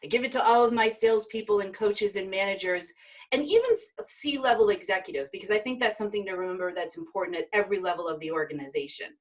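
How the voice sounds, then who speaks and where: A woman's voice: medium pitch, quick pace, rough recording. A woman from Maine hosting a live virtual sales event over a video call, introducing guests with enthusiasm. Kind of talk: upbeat live webinar hosting.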